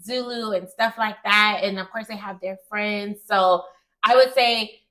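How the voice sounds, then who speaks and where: A woman's voice: a little high, rough recording. An American woman telling stories in a casual conversation, often acting out what others said. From United States. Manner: animated storytelling, often quoting others. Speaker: guest.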